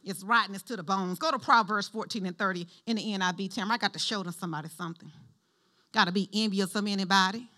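A middle-aged woman pastor giving a sermon in an animated, conversational style, calling on the congregation to respond. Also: medium pitch, fast talker.

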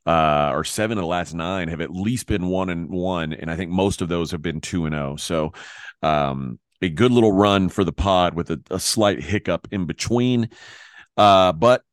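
Low-voiced man hosting a betting podcast. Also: moderate pace, no echo, studio quality. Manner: loose, rambling, self-correcting. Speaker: podcast host. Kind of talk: casual sports betting chat.

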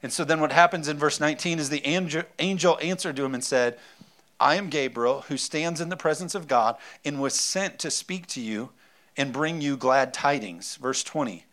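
A man's voice: on the high side, normal speed, a bit bright. A man preaching a sermon in a conversational way, acting out little asides and reading scripture aloud. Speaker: pastor.

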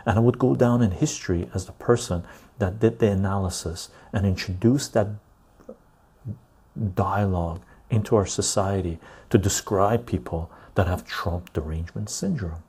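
A man's voice: deep voice, normal speed, warm tone, breathy edge. A man hosting a casual political podcast chat, rambling and tagging his points with "right?". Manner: rambling, keeps asking "right?". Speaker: podcast host.

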